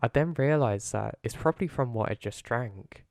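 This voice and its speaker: A man calmly narrating a first-person horror story in a low-key way. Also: normal speed, gravelly, dry recording, clean studio sound. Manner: calm, low-key retelling.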